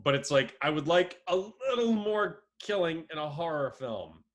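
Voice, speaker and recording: Fairly high in pitch but normal in speed, a young male co-host chats casually on a podcast. His storytelling is animated, and he laughs often.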